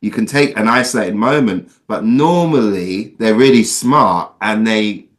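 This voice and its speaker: A man's voice: on the low side, measured pace. A man, an actor appearing as a podcast guest, talking through his views thoughtfully and building his argument, with his voice rising sharply on emphasis. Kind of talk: casual interview conversation.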